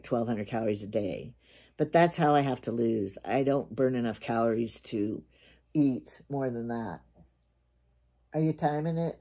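Chatty older woman with a mellow voice. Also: sits low. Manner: rambling, chatty, jokey. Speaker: vlogger. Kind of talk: casual chat to camera.

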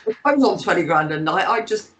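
A woman's voice: on the low side, animated, fast talker, a bit bright, poor audio. A woman in her sixties with a Bristol accent, telling rambling anecdotes as a guest in a casual interview, with plenty of fillers. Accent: Bristol English. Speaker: guest, actress and author.

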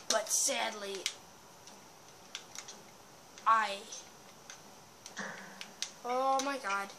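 A woman giving casual gameplay commentary, excitable and often bursting into yells. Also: on the high side, slow, pauses often.

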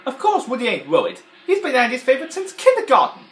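Yorkshire man doing a high, brash, insulting cartoon toy potato, echoey room. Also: wildly swooping pitch, fast talker, a little hiss or hum, heavily acted. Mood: jeering. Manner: loud, brash, jeering. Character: gruff wisecracking male toy potato, insulting.

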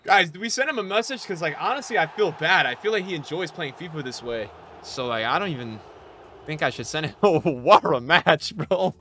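A young man giving live commentary on a football video game as he plays, swinging from mumbled asides to loud outbursts. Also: a little high, expressive, fairly quick. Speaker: gaming streamer.

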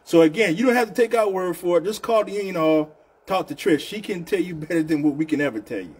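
A man's voice: sits high, quick pace, darkish tone, breathy edge. A man with a Southern US accent hosting a casual union live show, talking loosely and repeating himself, often calling people "man". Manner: loose, repetitive, chatty, says "man" often. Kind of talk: casual live-stream talk.

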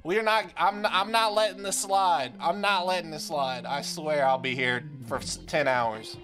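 A young man with a high voice gives live commentary over a rhythm game, loud and frustrated, cursing and trash-talking the opponents. Faint game music plays behind him. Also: moderate pace. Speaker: streamer.

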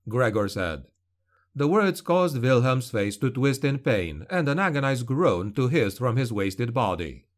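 A man reading a dark fantasy novel aloud in measured, dramatic narration. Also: medium pitch, animated. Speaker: audiobook narrator.

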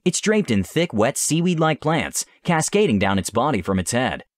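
A man narrating a tabletop adventure as game master, with measured, descriptive storytelling. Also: medium pitch, big pitch swings, dry recording, clean studio sound.

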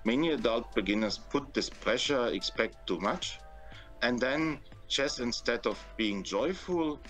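A man's voice: medium pitch, animated, a little slow, a bit bright, soft background music. A man with a German accent, a guest in an interview, giving earnest advice and often repeating words as he thinks. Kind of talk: interview conversation.

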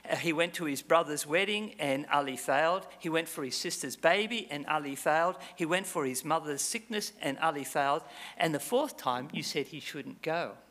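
A man telling a parable in a lecture, acting out the characters' lines with sudden jumps in pitch. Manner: animated storyteller, voices characters with high pitch jumps. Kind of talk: storytelling lecture. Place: lecture hall.

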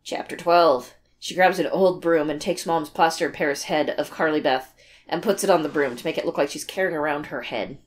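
Co-host: woman, lowish pitch, relaxed wry reading of notes. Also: brisk. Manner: casual, wry, swearing. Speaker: podcast co-host. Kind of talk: casual chat, reading notes aloud.

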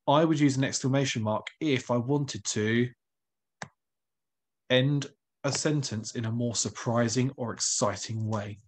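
A man's voice: medium pitch, husky. A male primary school teacher, giving a recorded online lesson in a patient, encouraging way and asking the pupils questions.

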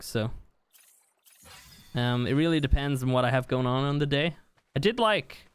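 A young man hosts a live game stream, chatting casually while he plays and reading viewer comments aloud with easy laughs. His voice is fairly high-pitched and clean, with no echo.

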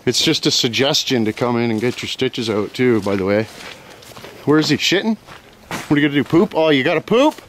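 Shooting handheld footage of his friends outside, this vlogger talks fairly quickly in a mid-range voice, with slight background noise. His commentary is loud and profane, full of laughter and encouragement, and he keeps addressing everyone as "boys."

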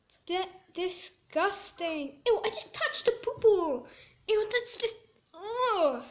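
A woman giving chatty gameplay commentary, squeamish and quick to exclaim in disgust. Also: very high voice, lively intonation. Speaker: gaming video creator.

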